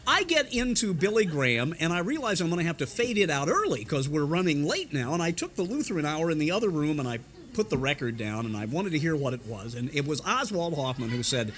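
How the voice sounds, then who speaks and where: Animated older storyteller from Indiana. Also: male voice, fairly high pitch, a little fast. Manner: animated, mimics voices and sound effects. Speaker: veteran radio broadcaster. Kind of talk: anecdotal storytelling. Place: restaurant.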